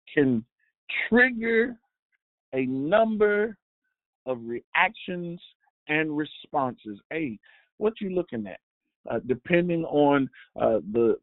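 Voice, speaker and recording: A man hosting a devotional show, preaching slowly with halting restarts and a repeated refrain. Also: fairly high pitch, dry recording. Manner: halting, repetitive, with many restarts and fillers; drives points home with a repeated refrain. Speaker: host and preacher. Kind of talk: devotional sermon. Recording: tinny phone-like dry sound.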